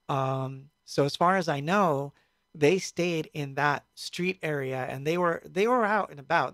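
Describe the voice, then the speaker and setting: A man telling a story in a casual stream, speaking in a halting, reflective way with many fillers. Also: on the high side, a bit bright, dry recording, studio quality. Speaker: musician recounting a tour.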